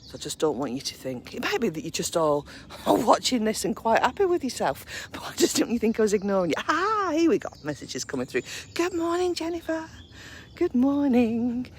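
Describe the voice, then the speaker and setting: A woman chatting casually on a live stream while walking her dogs in a park, cooing at them in a high baby voice. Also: sing-song, brisk, a little hiss or hum. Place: woodland park outdoors, early morning.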